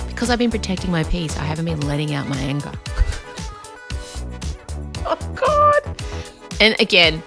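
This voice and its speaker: A woman hosting a podcast, talking in animated, ranty bursts full of swearing and quick asides. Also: sits low, gravelly, faint music behind. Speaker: podcast host. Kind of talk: casual chat.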